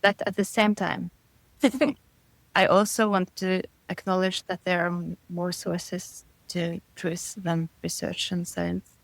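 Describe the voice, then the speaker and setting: A woman's voice: on the low side, level tone, takes it slowly, no echo, rough recording. A middle-aged woman being interviewed, talking thoughtfully and searching for her words, often breaking into light laughter between thoughts. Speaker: guest. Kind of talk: casual interview conversation.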